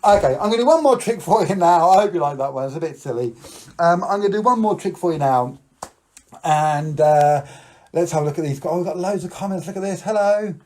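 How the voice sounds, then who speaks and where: A man's voice: a little high, a little fast, darkish tone. A man hosting a live-streamed show, chatting playfully with viewers while doing card tricks and telling silly stories. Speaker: magician and live show host.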